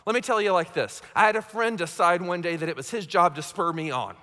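A man's voice: high-pitched, a little fast, pushed and bright. A man preaching a sermon as pastor, conversational and self-mocking, often checking in with his listeners. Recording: long hall reverb.

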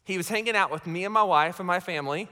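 Guy preaching a sermon, high and bright, chatty with little jokes, big hall echo. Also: fast talker. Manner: conversational, checks in with "okay?"; self-mocking humor. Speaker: pastor. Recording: long hall reverb.

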